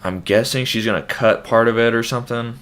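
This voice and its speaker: A man's voice: mid-range voice, fairly even intonation, a little fast, a bit bright. A young man hosting a casual, loose trailer breakdown, thinking aloud with many fillers and restarts. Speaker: host.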